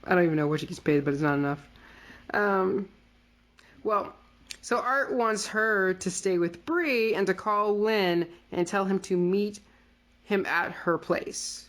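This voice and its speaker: A woman's voice: mid-range voice, a little slow. A woman co-hosting a podcast, chatting casually with lots of fillers and playfully quoting characters. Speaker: podcast co-host. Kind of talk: casual recap chat.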